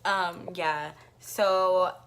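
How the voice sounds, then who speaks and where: A young female vlogger tells a casual storytime, chatty and swearing freely while acting out the voices of people in her story. Her voice is lowish, steady, fairly bright, and extremely slow, with a little hiss or hum in the background.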